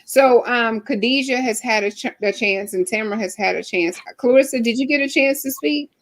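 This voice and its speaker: A woman's voice: a little high, a little fast. A woman hosting a casual group video call, speaking earnestly and encouragingly about her own life. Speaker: host.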